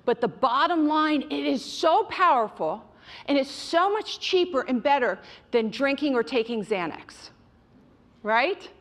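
A middle-aged woman gives a direct, emphatic motivational talk on mindfulness, calling her audience "you guys." Her high voice is expressive and unhurried.

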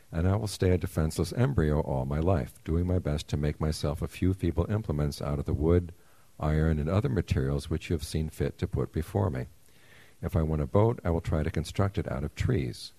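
A man's voice: a bass voice, fairly quick, dark tone, no echo. A man reading aloud as a humble, earnest embryo who will become the first man, polite and formal. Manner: polite, careful, formal pleading.

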